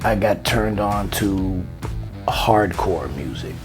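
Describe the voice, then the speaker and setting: A middle-aged man from Miami, a guest in an interview, telling stories in an animated way and laughing easily. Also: on the low side, slow pace, music in the background. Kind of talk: casual interview chat.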